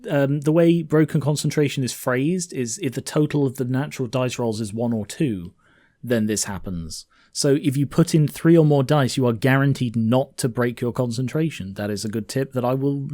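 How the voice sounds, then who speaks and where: A man's voice: mid-range voice, darkish tone, no echo, studio quality. A man casually narrating his own tabletop wargame, thinking aloud with frequent fillers.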